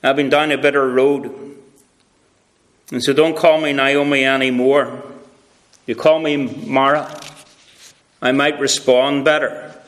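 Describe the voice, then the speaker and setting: A man's voice: mid-range voice, flat delivery, slow, pauses often, fairly bright tone. A man playing a bitter, grieving older widow in a sermon retelling, his voice weary and heavy.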